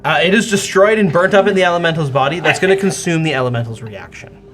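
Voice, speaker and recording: Guy game-mastering a tabletop game, slightly high voice, lots of ums, faint music behind. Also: quick pace. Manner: animated, hesitant with many fillers.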